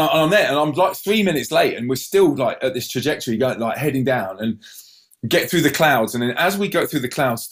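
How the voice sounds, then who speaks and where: A man telling a personal story in an animated way, stumbling over restarts and acting out other people's cries. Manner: acts out voices with sudden high yelps; many restarts and repeated words.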